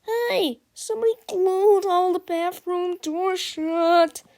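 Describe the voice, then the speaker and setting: Excited fans in the stands of a children's storybook, played by a woman reading aloud, yelling out in a high, loud voice. The shouts are raised well above her normal tone, with a gravelly edge. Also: normal speed. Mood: shouting. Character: excited crowd of sports fans.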